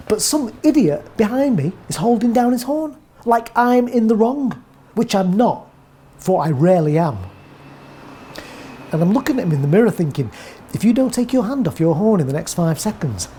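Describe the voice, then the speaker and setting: A woman with an English accent delivering a wry, deadpan first-person comic monologue as a narrator. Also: medium pitch, slight background noise.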